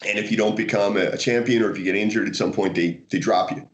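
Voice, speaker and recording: An American man, a guest author in a casual interview, telling animated stories with frequent laughter and restarts. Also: on the low side, fast. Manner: animated storyteller, laughs often, many restarts. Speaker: guest, martial arts author.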